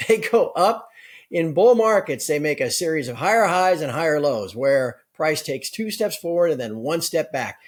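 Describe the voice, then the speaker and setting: A man speaking as a guest analyst in a conversational interview, brisk and explanatory. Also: fairly high pitch. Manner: brisk, explanatory, with occasional laughs.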